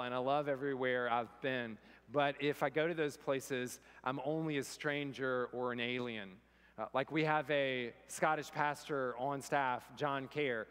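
An American man delivers a sermon from a church sanctuary, and his fairly high voice rings out with a long reverb. He mixes self-deprecating, humorous stories with scripture. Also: fairly bright tone, clear, resonant tone. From United States. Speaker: pastor.

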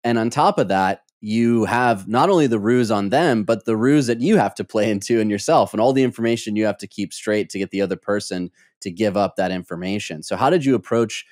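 A man hosting a podcast who asks measured, thoughtful questions and adds his own commentary. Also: fairly low pitch, a little mellow, no room sound, studio quality. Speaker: podcast host.

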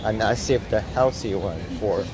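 A man's voice: lowish voice, normal speed, noisy background. A father chatting casually with his daughter, giving short, agreeable answers and light jokes. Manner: brief, agreeable, joking. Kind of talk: casual family chat.

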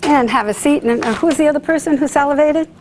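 A woman's voice: high voice, fast talker, noisy background. A woman hypnotist leading a live stage demonstration, coaxing volunteers with sing-song repeated phrases. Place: room with a live audience.

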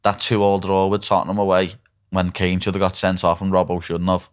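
A man's voice: sits low, completely flat delivery, fairly quick, clean tone. A man with a Liverpool Scouse accent hosting a casual podcast chat, talking bluntly and swearing, tagging "lad" onto his phrases. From Liverpool, England. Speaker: podcast host.

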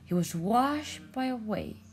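A woman's voice: on the high side, animated, takes it slowly, slight background noise, pitched above the performer's own voice. A woman voicing a shimmering mermaid in a storybook reading, with a lilting sing-song manner.

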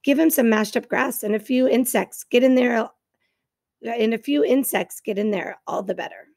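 A woman voicing an old, bossy female goose in a storybook reading, brisk and scolding. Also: fairly high pitch, creaky, darkish tone, no echo.

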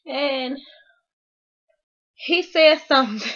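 A woman with a fairly high voice, telling a show recap in an excitable, slangy way and acting out the lines. The recording is dull and lo-fi. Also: a little slow. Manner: excitable storytelling, slangy, acts out quotes. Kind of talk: animated reality-show recap.

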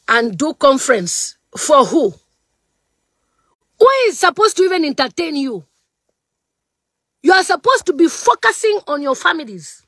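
High-voiced woman in an angry scolding rant. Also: a bit bright, no room sound. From Zambia. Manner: scolding, repeating mocking phrases. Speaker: vlogger. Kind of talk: angry political rant to camera.

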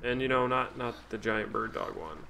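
A male game streamer with a middle-pitched, gravelly voice. He talks casually and grumbles sarcastically at the game, swearing often. Faint background noise sits under his voice. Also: lively intonation, normal speed, pushed and bright. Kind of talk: casual let's-play commentary.

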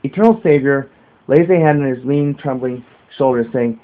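A man's voice: medium pitch, normal speed. A man reading a religious narrative aloud, earnest, with occasional slips and restarts. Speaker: reader. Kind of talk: amateur reading of a religious text. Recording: dull lo-fi home recording.

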